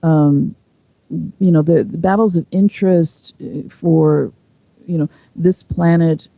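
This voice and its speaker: A woman's voice: low voice, steady tone, takes it slowly, no echo, highs cut off. A woman speaking as an interview guest, explaining at length in a thoughtful, conversational way. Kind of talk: casual interview chat.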